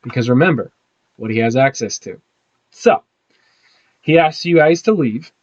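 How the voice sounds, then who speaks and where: A man narrating a tabletop game as game master, animated and halting. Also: mid-range voice, dull audio.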